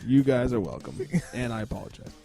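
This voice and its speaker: A man's voice: mid-range voice, lively intonation, quick pace, creaky, dark tone. A man hosting a casual sports podcast, joking, swearing freely and laughing often. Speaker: podcast host.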